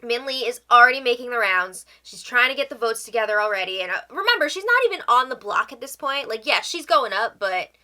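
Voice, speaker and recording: A woman's voice: on the high side, animated, fairly quick, hardly any pauses, bright, forceful tone. A woman hosting a casual reality show recap, chatty and tossing in opinionated asides.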